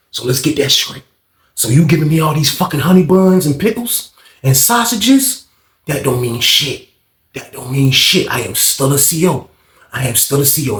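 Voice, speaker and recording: A man voicing a stern, guarded male prison guard who talks in a low, hushed, cold warning tone. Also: reverberant, lightly acted.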